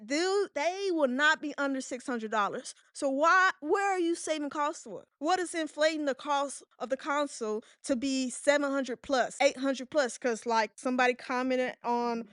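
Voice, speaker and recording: A woman co-hosting a podcast, ranting in a heated, profane, animated way. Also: sits high, moderate pace, few pauses, no echo, studio quality. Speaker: podcast co-host. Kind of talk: casual podcast rant.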